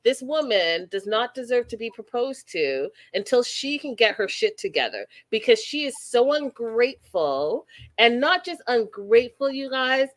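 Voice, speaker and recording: A woman from Canada hosting a casual reality TV recap, blunt and animated, acting out quotes. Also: fairly high pitch, normal speed.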